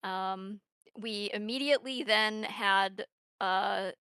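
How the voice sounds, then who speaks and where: Bright, dry-voiced woman co-hosting a stream. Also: mid-range voice, slow pace, clear, resonant tone, no room sound. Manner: chatty, answers chat questions. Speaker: cartoon creator and stream co-host. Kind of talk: casual livestream chat.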